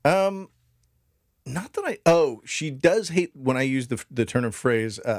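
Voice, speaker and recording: A man's voice: medium pitch, expressive, measured pace, dry recording, studio quality. A man co-hosting a podcast, bantering casually with sarcastic jokes and frequent laughter. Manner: sarcastic, joking, laughs often. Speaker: podcast co-host.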